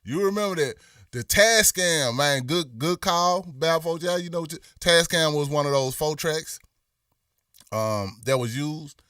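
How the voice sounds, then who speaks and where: Laid-back Memphis man, bright voice. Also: fairly high pitch, a little slow, no room sound, clean studio sound, recorded from a distance. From Memphis, Tennessee. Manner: laid-back, drawling, lots of "you know what I'm saying". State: voice a bit worn from performing. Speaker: livestream host. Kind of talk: casual livestream chat reading comments.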